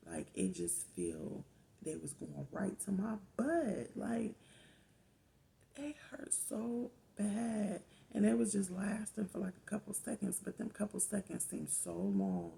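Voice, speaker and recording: A woman, a mother of four, casually telling her own story in an animated way, getting louder as she relives the pain. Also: medium pitch, slow, vocal fry, a little hiss or hum. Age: adult mother of four. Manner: animated retelling, rising loud when reliving pain.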